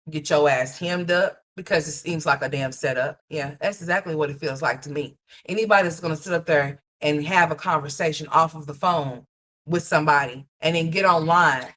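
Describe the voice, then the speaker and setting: Blunt, cussing woman streamer with a bright voice. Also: low-pitched. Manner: blunt, profane, scolding. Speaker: livestream commentator. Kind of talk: casual live commentary. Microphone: streaming mic.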